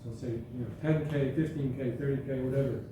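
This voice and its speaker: At a school gathering, a guest speaker in a hall tells anecdotes in a casual, conversational way, frequently correcting himself mid-sentence. His mid-range voice is mellow, fairly quick, and fairly even in intonation. The recording has an echoey sound, distant mic placement, and faint background noise.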